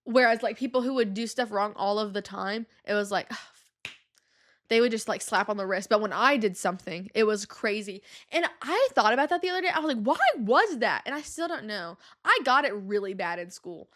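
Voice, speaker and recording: Bright-voiced young woman telling stories. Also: mid-range voice, a little fast. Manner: animated, slangy, with lots of fillers. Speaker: podcast host. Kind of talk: casual storytelling monologue.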